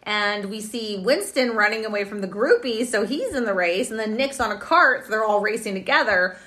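Chatty woman briskly recapping a show. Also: mid-range voice, animated, pushed and bright. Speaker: podcast co-host recapping an episode. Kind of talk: casual chat.

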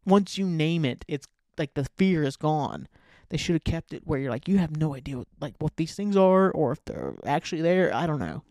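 A man with a slightly high voice rants casually and sarcastically about bad movies on his solo podcast, swearing freely as he rambles. The recording is dry and close, with no room sound. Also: very animated, moderate pace, darkish tone, no echo. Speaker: podcast host.

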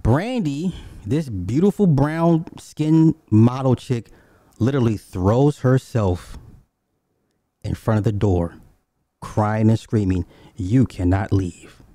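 Blunt, dark-voiced man telling stories. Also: mid-range voice, slow pace, no echo. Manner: blunt, animated storytelling with frequent asides. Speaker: podcast host. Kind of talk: casual profane commentary.

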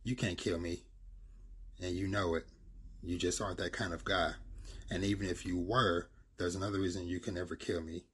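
A man voicing a masked male cult leader who speaks in a quiet, smug, taunting way. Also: sits low, flat delivery, normal speed, husky.

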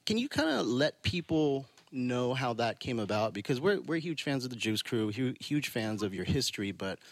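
A male podcast host with a middle-pitched, everyday voice talks easily with his co-hosts and greets a guest. He is affable and agreeable, and he backs up the others with frequent short assents. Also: big pitch swings, moderate pace, no echo. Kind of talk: podcast chat and phone interview.

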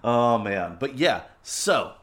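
A man's voice: medium pitch, big pitch swings, takes it slowly, fairly bright tone. A man co-hosting a podcast in casual chat, joking and rambling through mock sponsor plugs. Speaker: podcast co-host.

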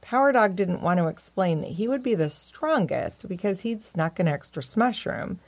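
A woman narrating a children's story in a gentle, expressive way. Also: medium pitch, normal speed.

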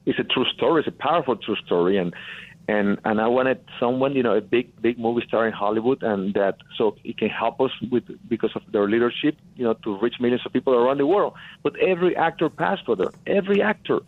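A man's voice: medium pitch, fast, no room sound. A man from Mexico with a Mexican accent, a guest producer telling his story earnestly, repeating phrases for emphasis. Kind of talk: phone-in interview storytelling. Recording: tinny phone line.

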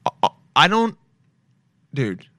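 A young man hosting a casual solo podcast, rambling and cursing freely. His voice sits a little high for a man and jumps into loud yelps. The sound is dry and close, with no room echo. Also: big pitch swings, slow pace. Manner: swearing, rambling, loud swings into yelling. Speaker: podcast host.

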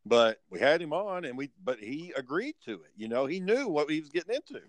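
A man's voice: a little high, very animated, brisk, no echo. A man hosting a podcast in casual chat, a profane, rambling storyteller. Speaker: podcast host.

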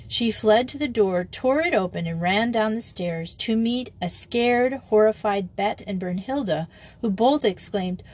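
A woman narrating a children's novel with steady, clear storytelling. Her reading is even and measured, pitched for a book read aloud. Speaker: audiobook narrator.

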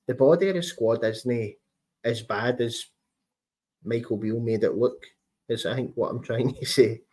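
Man, podcast co-host, easygoing, thinking aloud, medium pitch. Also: normal speed, darkish tone, breathy edge. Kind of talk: casual football podcast chat.

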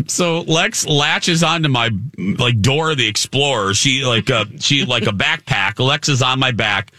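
A man telling a funny story in casual chat, acting out the people he quotes in an excited voice. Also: normal speed, few pauses, no room sound. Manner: animated, acts out quotes in a high excited voice.

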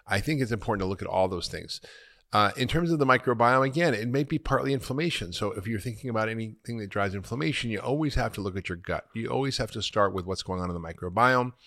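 A middle-aged doctor hosting a podcast, answering listener questions in an energetic, emphatic way and laughing at himself now and then. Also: male voice, on the low side.

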